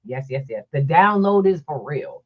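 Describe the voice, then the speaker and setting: A woman co-host in a casual podcast conversation, expressive and quick with affirmations. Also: sits low, dull audio.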